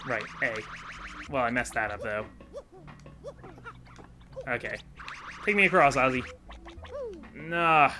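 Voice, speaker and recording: A man talks his way through a video game in a casual, rambling, self-deprecating manner. His voice is bright and sits at an ordinary pitch. Faint game music runs in the background. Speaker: video game let's-play host. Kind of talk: casual gameplay commentary.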